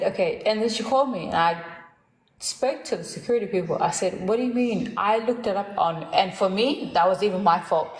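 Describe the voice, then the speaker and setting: A woman hosting a casual chat, telling a story in an animated way and acting out the other people in it. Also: medium pitch, reverberant, poor audio. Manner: animated, laughs at herself, acts out quoted voices. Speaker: host.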